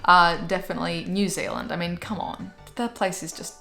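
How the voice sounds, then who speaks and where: A woman's voice: lowish voice, moderate pace, gravelly, sharp tone. A young woman vlogging about her monthly favourites in an upbeat, chatty way, full of "like" fillers. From Australia. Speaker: YouTube vlogger. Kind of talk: casual monthly favourites vlog. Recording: echoey room with faint music.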